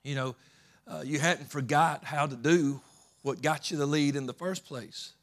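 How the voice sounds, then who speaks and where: A man preaching a sermon, swinging between loud emphatic peaks and low soft storytelling, often repeating words and restarting. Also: unhurried. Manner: rising to loud emphatic peaks, then dropping low and soft while retelling scripture.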